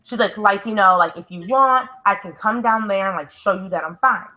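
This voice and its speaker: A woman's voice: medium pitch, normal speed, sharp tone, highs cut off. A young woman co-hosting a casual chat show, telling a long story and saying "like" constantly. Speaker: co-host.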